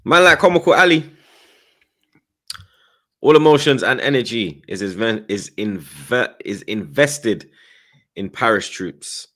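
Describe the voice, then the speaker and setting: A man's voice: medium pitch, animated, slow, long pauses, a bit bright. A man, bantering casually about football and reading out viewer messages on a podcast panel. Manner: slangy, laid-back, teasing.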